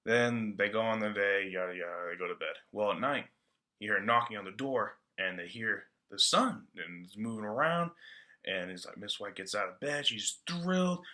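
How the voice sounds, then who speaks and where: A man talks through a book report in a loose, offhand style, packed with fillers. His voice is lowish but bright and forceful. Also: normal speed. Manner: loose, slangy, full of fillers. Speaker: student presenter. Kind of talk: casual book-report talk.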